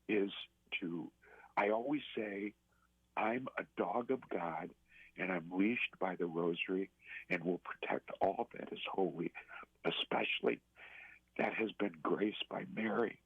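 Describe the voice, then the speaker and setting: A man telling a personal story as a radio interview guest, earnest and halting, with many restarts. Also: sits low, husky, no echo. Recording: tinny phone line.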